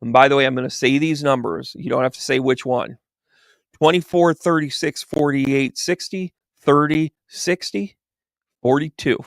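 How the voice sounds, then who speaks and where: This livestream features a medium chatting through a tarot reading, acting out voices as he tells his stories with animation. He speaks at normal speed in a creaky, medium-pitched voice, recorded dry with clean studio sound.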